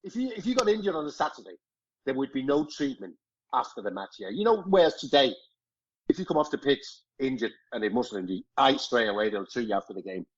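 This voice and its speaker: Husky man swearing through old anecdotes. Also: medium pitch, big pitch swings, fast talker. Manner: swears freely, chuckles through stories. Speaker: former footballer, guest. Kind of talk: casual anecdote telling. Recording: dull lo-fi podcast audio.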